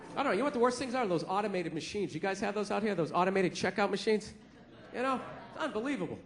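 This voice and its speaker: A man doing a loud, profane stand-up comedy set on a club stage, ranting and acting out store clerks in quick asides. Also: high voice, expressive. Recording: echoey live club recording with loud crowd noise.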